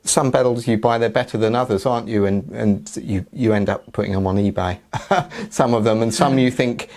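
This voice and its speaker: A man's voice: on the low side, steady tone, a little fast, darkish tone. A man hosting a casual interview and teaching guitar licks, friendly and fond of tag questions.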